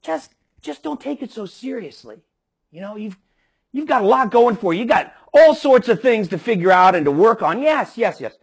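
A man in a sermon voicing a dismissive worldly man who coaxes a believer to relax, in a husky voice. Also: sits high, big pitch swings, moderate pace, pitched above the performer's own voice, exaggerated voice. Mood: coaxing.

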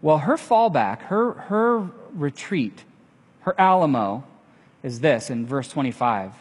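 A man preaching with a lively voice that swoops up and down as he acts out the people in his story. His tone is a bit husky, and it rings with a long reverb from a large hall. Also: fairly high pitch, slow. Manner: animated storytelling, acting out quoted lines. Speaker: pastor. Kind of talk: sermon.

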